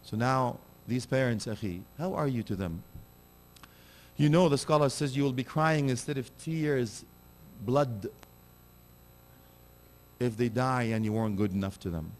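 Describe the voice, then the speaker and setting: A man preaching a sermon, animated and direct, asking his listeners pointed rhetorical questions. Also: mid-range voice, a little slow, pauses often, a little hiss or hum.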